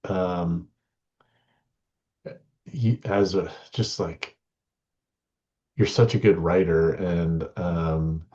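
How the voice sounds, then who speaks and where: Deep slow-talking guy hosting a podcast, lots of ums and restarts. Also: little pitch movement, warm tone. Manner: halting, full of fillers and restarts. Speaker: podcast host. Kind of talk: casual interview chat. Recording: dull lo-fi sound.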